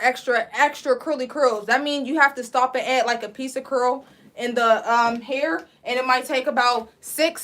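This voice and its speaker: Teaching braiding live, a young instructor talks in a relaxed way and fields questions from viewers. Her voice is high and a little bright.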